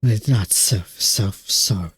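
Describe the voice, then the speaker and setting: A man putting on a gravelly, hissing voice to read the lines of an arrogant, preachy ancient male ruler in a video game. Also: lowish voice, slow, a bit bright, no echo, pitched below the performer's own voice, exaggerated voice. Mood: lecturing. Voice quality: gravelly strained put-on voice. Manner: hissing half-whispered villain delivery. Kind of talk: reading game dialogue aloud in character.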